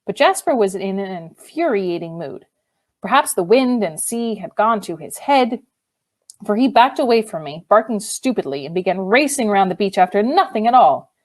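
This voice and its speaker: A woman narrating a novel in the first person, measured and expressive. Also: mid-range voice. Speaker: audiobook reader.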